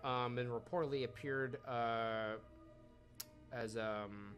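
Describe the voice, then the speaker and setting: A man co-hosting a casual podcast, swearing often and breaking into loud laughing outbursts. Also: medium pitch, fairly even intonation, slow, lo-fi sound, faint music behind. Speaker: podcast co-host. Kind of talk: casual chat.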